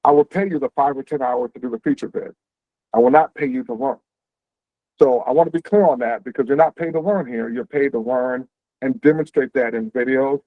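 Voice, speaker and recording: A man hosting an info session on a video call, explaining career paths quickly and conversationally, checking in with "right?". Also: medium pitch, dry recording. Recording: tinny, phone-like dry audio.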